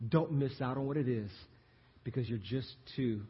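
A middle-aged man preaching a sermon as pastor, calling out to the congregation and moving between loud appeals and hushed, slow passages. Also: mid-range voice, husky. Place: church sanctuary. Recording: dull muffled live church recording with long reverb.

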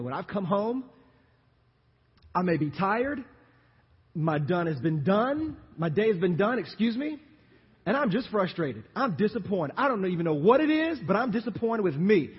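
A middle-aged man preaching a sermon as pastor, calling out to the congregation and moving between loud appeals and hushed, slow passages. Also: high-pitched, husky. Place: church sanctuary. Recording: dull muffled live church recording with long reverb.

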